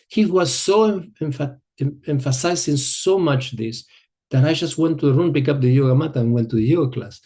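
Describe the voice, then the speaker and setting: A middle-aged man who is not an English speaker, teaching a yoga group in a relaxed way, telling a personal story and often searching for words. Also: medium pitch, fairly quick. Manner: relaxed, searching for words, non-native phrasing.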